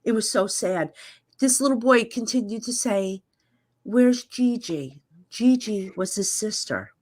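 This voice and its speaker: A woman's voice: on the high side, expressive, measured pace, darkish tone. A middle-aged woman, a psychic medium guest, telling emotional stories candidly in casual chat. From New Jersey. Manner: candid, emotional storytelling with frequent fillers.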